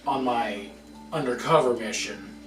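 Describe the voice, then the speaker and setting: A man voicing a gruff lawman with a very thick New York accent who talks in halting starts. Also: mid-range voice, fairly bright tone, natural voice. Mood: earnest. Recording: roomy, far-off mic with music behind.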